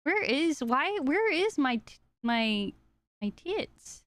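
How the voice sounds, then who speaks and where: A woman's voice: high-pitched, sing-song, slow, a bit bright, no room sound. A woman streamer chatting casually to her viewers while fumbling through her stream settings. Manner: scattered, talking to herself and chat while searching settings. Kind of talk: casual live-stream chat.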